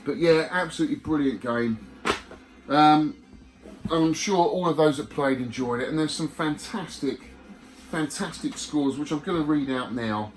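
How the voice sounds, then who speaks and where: A man's voice: a little high, moderate pace. Chatty man reading out scores. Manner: chatty, friendly, reads out names and scores with asides. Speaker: YouTube host reading competition results. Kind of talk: casual chat to viewers.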